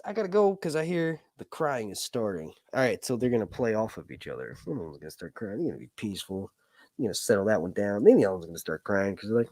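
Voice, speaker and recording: A man's voice: on the low side, sing-song, quick pace, darkish tone, no room sound, clean studio sound. A man hosting a casual livestream chat, rambling with lots of fillers and jokes. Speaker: host.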